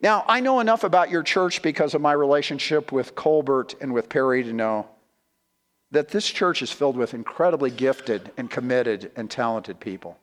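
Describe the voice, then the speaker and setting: A man's voice: medium pitch, moderate pace, fairly bright tone, big-room sound. A man preaching a sermon as a guest pastor in a church, emphatic and repeating key words as he addresses the congregation as friends.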